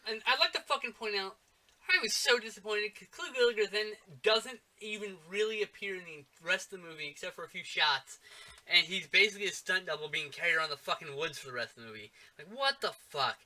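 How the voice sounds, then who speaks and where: A man co-hosting a casual movie-review podcast, animated and swearing often, with lots of fillers. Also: sits high, brisk. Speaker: podcast co-host.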